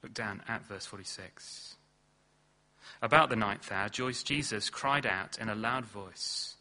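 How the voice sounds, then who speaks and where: A man preaching a sermon in earnest, leaning hard on key words and then dropping low and slow. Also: pushed and bright. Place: church hall.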